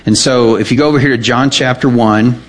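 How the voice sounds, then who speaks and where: A man's voice: medium pitch, fairly even intonation, a little fast. A man preaching a sermon, reading scripture aloud and checking in with his listeners as he explains it. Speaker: pastor.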